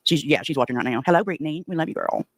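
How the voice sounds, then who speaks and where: A woman's voice: low voice, animated, racing, noisy background. A woman with an East Tennessee accent ranting on a livestream in a brash, profane Southern drawl. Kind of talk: profane confrontational livestream rant.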